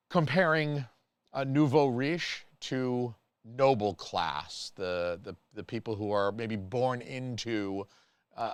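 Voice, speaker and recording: A man delivers casual solo film commentary, rambling and full of opinions, restarting his sentences with fillers. His voice is smooth and resonant at a middling pitch. The recording is close and dry. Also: no room sound. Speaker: movie reviewer.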